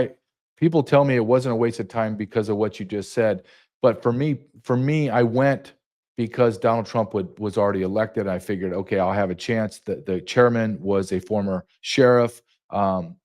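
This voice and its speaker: A man's voice: medium pitch, a little mellow. A middle-aged man, a guest on a podcast interview, telling his story in a heated, emphatic way. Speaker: guest, retired border agent.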